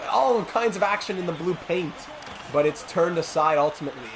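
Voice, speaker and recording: Guy streaming a hockey game, fake sportscaster calls, a bit high-pitched, noisy mic. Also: lively intonation, brisk. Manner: mock sportscaster calls, asides to chat. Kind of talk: play-by-play commentary while gaming.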